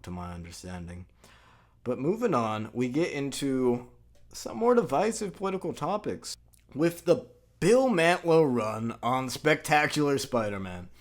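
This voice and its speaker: A man hosting a video essay, who narrates in a conversational way with filler words and the occasional swear. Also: mid-range voice.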